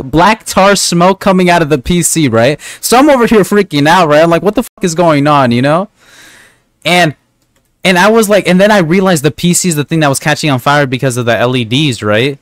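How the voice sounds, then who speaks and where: Male gaming streamer, slightly high voice, dry close sound; rambling, profane, chatty storyteller. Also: a bit bright, dry recording. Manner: rambling, profane, keeps asking "right?". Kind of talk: casual storytelling while gaming.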